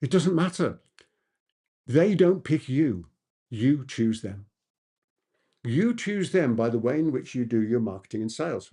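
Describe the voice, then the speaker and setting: Male business coach, mellow gravelly voice, emphatic Q&A delivery. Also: medium pitch. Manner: emphatic, repeats key points for effect. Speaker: business coach answering audience questions. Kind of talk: masterclass Q&A talk.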